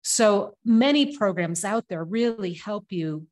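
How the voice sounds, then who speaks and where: Woman guest on a podcast, earnest, punchy repeated lines, mid pitch. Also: expressive, takes it slowly, a little mellow. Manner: earnest, emphatic, lists ideas in punchy repeated phrases. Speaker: podcast guest, sobriety coach. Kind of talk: casual interview chat.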